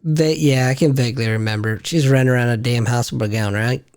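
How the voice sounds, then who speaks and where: A man's voice: medium pitch, fairly even intonation, a little fast, darkish tone, clean tone. A man co-hosting a podcast, giving brief, laid-back replies in casual chat.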